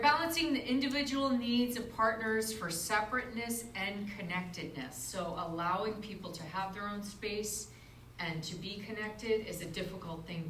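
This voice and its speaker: A woman's voice: mid-range voice, a bit bright, roomy sound, slight background noise. A female instructor lecturing a class, explaining ideas and asking the students questions, recorded from far off in a classroom. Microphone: far room mic.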